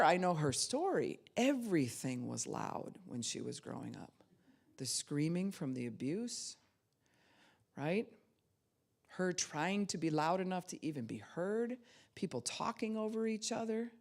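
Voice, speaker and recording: Animated woman pastor, loud to soft. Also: on the low side, a little slow, vocal fry. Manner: animated, swings from loud to soft, acts out quoted voices. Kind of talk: conversational teaching sermon.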